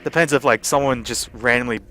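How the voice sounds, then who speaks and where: A man's voice: mid-range voice, fairly even intonation, fairly quick, sharp tone. A young man casually telling a rambling story over gameplay, full of fillers and swearing. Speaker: gaming channel host.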